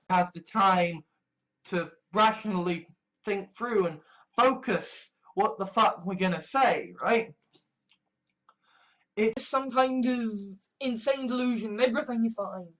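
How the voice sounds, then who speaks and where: A woman's voice: mid-range voice, a bit bright. A woman vlogger talking casually to camera in a rambling, exasperated way, swearing freely. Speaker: YouTube vlogger. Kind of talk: casual vlog monologue.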